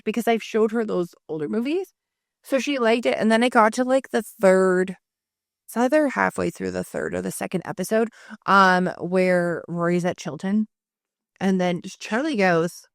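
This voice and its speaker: Animated woman telling stories, dry close mic. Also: medium pitch, normal speed, dry recording. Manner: animated storytelling, acting out others with laughs and swearing. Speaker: podcast co-host. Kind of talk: casual chat.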